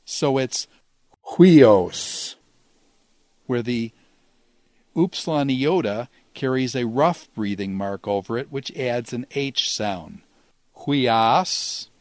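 Measured male lecturer, dry sound. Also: mid-range voice, no room sound. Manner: measured, explanatory, slows to pronounce Greek words. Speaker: teacher. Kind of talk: Greek grammar lecture.

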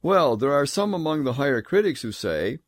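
A man giving a scripture lecture, emphatic, reading verses aloud in a measured, solemn tone. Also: on the high side, very animated, no echo. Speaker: Bible teacher.

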